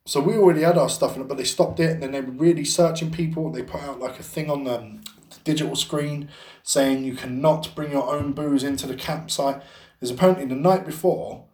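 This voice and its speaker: A man's voice: fairly high pitch, steady tone, fairly quick, darkish tone, roomy sound. A young adult Englishman co-hosting a podcast, swearing a lot and telling a story animatedly. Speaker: podcast co-host. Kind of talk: casual storytelling chat.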